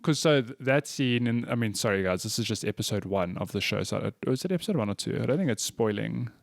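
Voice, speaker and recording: A man's voice: medium pitch, lively intonation, quick pace, gravelly, dry recording, studio quality. A man co-hosting a podcast in casual chat, chatty and given to swearing and laughing. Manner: chatty, swears and laughs often, many restarts. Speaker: podcast co-host.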